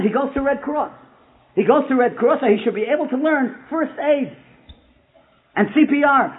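A man telling a story to a live audience in an animated way, sprinkling in Yiddish and Hebrew words. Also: high-pitched. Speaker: public speaker. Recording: tinny phone-like sound.

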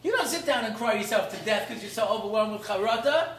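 A man with a notably high voice teaches an informal Torah class, wandering into jokes and asides and dropping Hebrew terms. He sounds middle-aged, recorded in a roomy, echoing space with faint background noise. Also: expressive, fast, a bit bright. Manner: humorous, digressive, mixes in Hebrew terms.

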